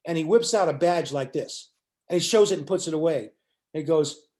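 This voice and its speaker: An older man, a musician, recounts a story as a guest. He voices the quotes of the people in it with animation, and his voice sits slightly high. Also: animated, fairly quick, darkish tone. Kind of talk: storytelling in an interview.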